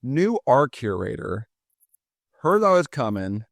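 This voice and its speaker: A man's voice: medium pitch, sing-song, slow pace, gravelly, no echo, clean studio sound. A man in his forties hosting a podcast, telling stories in a chatty, jokey, self-deprecating way. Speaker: podcast host. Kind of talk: casual storytelling chat.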